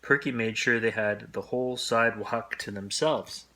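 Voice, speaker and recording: A man reading a children's picture book aloud as a bedtime story in a gentle, friendly way. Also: mid-range voice, normal speed.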